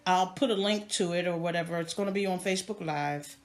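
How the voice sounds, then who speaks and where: Speaking fairly quickly in a lowish voice, a woman from New York City laughs often as she chats casually with viewers. She's hosting a live video stream from her home on a tablet microphone.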